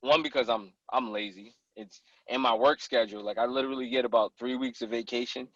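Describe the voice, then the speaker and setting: Guy on a podcast telling stories, gets really animated, dry kinda dull sound. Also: medium pitch, fairly quick, dry recording. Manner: animated, acts out people in his stories. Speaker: podcast guest, hunter. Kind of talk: casual storytelling chat.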